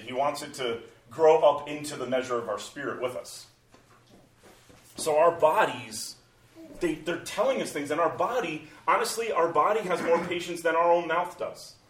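Pastor, male, 40s, animated talker, recorded from a distance in a roomy space. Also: on the high side. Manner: animated, acts out inner voices in quotes. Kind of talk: conversational church talk. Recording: roomy sound from a distant mic.

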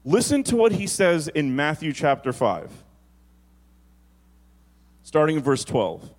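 A man preaching a sermon as pastor, moving from quick storytelling to slow, drawn-out emphasis on key phrases. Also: a little high, very animated.

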